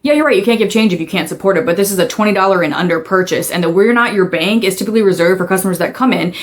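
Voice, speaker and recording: A woman's voice: medium pitch, voice pushed down, lightly acted. A woman playing an exasperated customer who lectures a cashier step by step in a comedy skit. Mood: exasperated lecturing. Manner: fast, exasperated, explaining.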